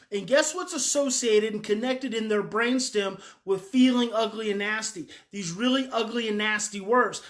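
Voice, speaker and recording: A woman coach giving a frank, emphatic daily talk, repeating her key points and swearing a little. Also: on the high side. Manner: emphatic and repetitive. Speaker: parenting coach.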